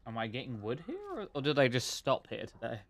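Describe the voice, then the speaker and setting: A man chats through a relaxed live stream, his voice sitting at an ordinary middle pitch. He rambles and talks to himself, words a little thick from the sweet he is sucking on. The sound is close and dry, with no room around it. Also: a little fast, no echo. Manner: relaxed, rambling, self-chatting. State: talking with a sweet in his mouth. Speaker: game streamer. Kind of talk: casual live-stream chat.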